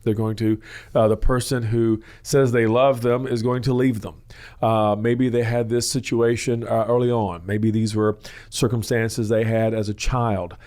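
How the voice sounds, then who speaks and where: A man's voice: lowish voice, little pitch movement, unhurried, a little mellow. Rambling male counseling-show host. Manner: rambling, full of "uh" and "you know", acts out quoted voices. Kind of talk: teaching talk on a question-and-answer show.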